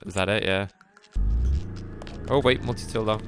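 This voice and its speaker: A man's voice: lowish voice, normal speed. A man streaming a game live, chatting casually and reacting to what happens on screen. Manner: chatty, reads passages aloud, reacts loudly to surprises. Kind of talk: casual live gameplay commentary. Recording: faint game music underneath.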